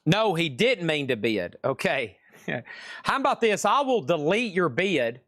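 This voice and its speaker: A man's voice: fairly high pitch, big pitch swings, a little slow, a bit bright, no echo, clean studio sound. A man with a Southern US accent hosting a live record sale, in chatty, rambling patter that often corrects itself. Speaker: live-stream record seller. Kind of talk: casual live sales patter.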